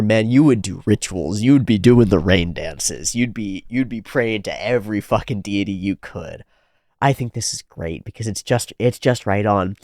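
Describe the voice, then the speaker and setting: A man's voice: on the low side, a little mellow, no echo, clean studio sound. A man hosting a reaction video, talking casually and animatedly, swearing freely with frequent restarts. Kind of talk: casual commentary on an anime episode.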